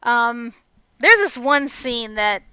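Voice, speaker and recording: A young woman co-hosting a casual film review chat, talking in an animated, exasperated way and swearing freely. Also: on the high side, slow pace, clear, resonant tone, no room sound. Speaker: podcast co-host.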